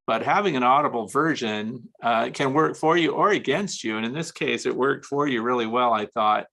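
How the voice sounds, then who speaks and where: A man's voice: mid-range voice, normal speed, gravelly, sharp tone. A man hosting a casual interview, chatty and curious, asking follow-up questions. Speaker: interviewer host.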